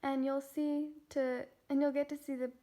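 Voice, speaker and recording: Young woman doing a patient storybook mom, gentle, high voice. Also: flat delivery, moderate pace, natural voice. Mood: calm. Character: patient mother, calm and practical.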